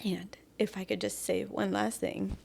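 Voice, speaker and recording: A woman's voice: mid-range voice, flat delivery, a little slow, creaky, a little mellow. A woman in her late thirties speaking as an interview guest in a heartfelt conversation, earnest, dropping to near whispers and laughing often. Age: late 30s.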